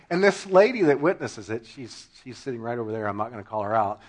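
Fairly quick and swinging widely in pitch, a man's mid-range voice carries a pastor's sermon to his congregation. He tells funny stories, bursts into shouted punchlines, and laughs along.

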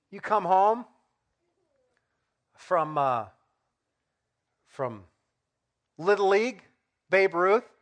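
A middle-aged man preaching a sermon in a conversational way, asking rhetorical questions and acting out everyday examples. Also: sits high. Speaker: pastor.

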